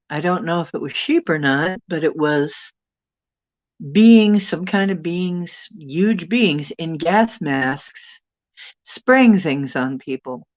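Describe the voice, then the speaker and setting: A woman with a low voice talks slowly through a relaxed livestream chat. She thinks aloud and meanders from one thought to the next, on a dull, lo-fi recording. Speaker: channel host. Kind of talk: livestream chat, recounting dreams and reading viewer comments.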